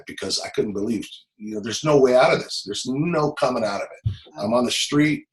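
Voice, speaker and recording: A middle-aged man from Los Angeles, a former police officer, telling a personal story in an interview, halting and repeating words, close to tears. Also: mid-range voice, low-quality recording.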